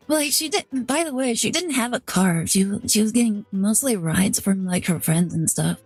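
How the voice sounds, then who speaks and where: A woman's voice: mid-range voice, animated, a little slow, darkish tone, breathy edge, dry recording, soft background music. A woman streamer telling a story in casual chat, rambling with lots of "like" fillers and restarts. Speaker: VTuber streamer.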